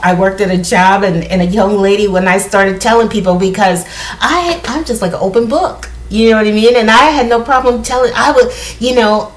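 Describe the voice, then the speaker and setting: A woman's voice: mid-range voice, fairly quick. Chatty woman in an echoey room. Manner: chatty, rambling, with frequent asides and laughs. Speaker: spiritual vlogger. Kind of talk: casual monologue to viewers.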